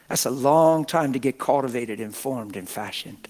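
A middle-aged male pastor preaching with folksy exuberance, laughing between his points. His voice sits at an ordinary pitch for a man. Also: animated, moderate pace, darkish tone. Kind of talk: sermon.

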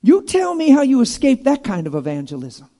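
High-voiced, emphatic male preacher. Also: brisk, creaky. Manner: animated, emphatic, swings between loud and hushed. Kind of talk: sermon.

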